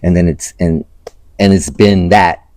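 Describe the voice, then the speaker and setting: An older man, a theater director, speaking in an interview in an earnest, emphatic way, halting with fillers. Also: low voice, steady tone, darkish tone, no echo. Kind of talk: casual interview talk.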